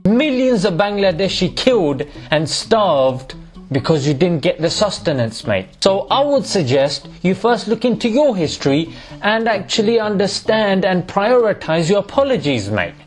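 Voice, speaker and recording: Sarcastic man with a lively voice. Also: sits high, normal speed, faint music behind. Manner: sarcastic, mocking, peppers speech with "mate". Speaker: YouTube host. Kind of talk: casual comedic commentary.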